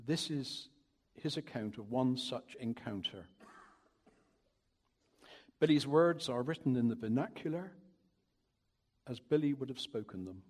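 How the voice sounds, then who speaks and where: A man from Cornwall speaks at a church service in a gentle, earnest and lightly self-deprecating way. His voice is husky and breathy. It carries a long reverb through a large hall. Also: mid-range voice. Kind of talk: sermon-style reading and talk.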